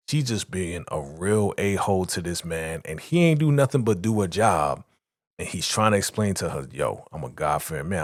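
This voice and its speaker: A man hosting a casual episode recap, retelling scenes and acting out characters' lines in animated bursts. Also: low voice, no room sound, clean studio sound. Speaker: show recap host.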